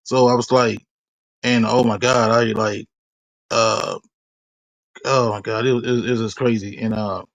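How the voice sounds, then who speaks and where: Man, interviewee, halting repetitive delivery, mid pitch. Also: steady tone, no room sound. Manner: halting, repetitive, many restarts. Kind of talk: street interview storytelling.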